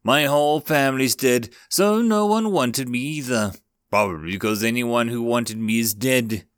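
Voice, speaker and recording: A man voicing a grumpy, blunt young male goblin in a storybook reading, high and grumbling. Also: normal speed, fairly bright tone, smooth, dry recording, studio quality, lightly acted.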